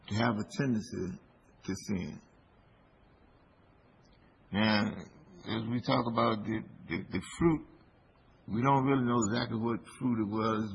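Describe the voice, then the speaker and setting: Male preacher, low gravelly voice, unhurried delivery, dull lo-fi recording with faint noise. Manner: slow, deliberate preaching with emphatic rises. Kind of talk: sermon.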